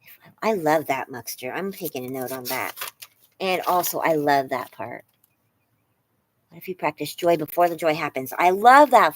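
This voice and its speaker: A woman hosting a live stream, answering chat in casual, rambling talk full of fillers and gushing praise. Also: fairly low pitch. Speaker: livestream host reading chat.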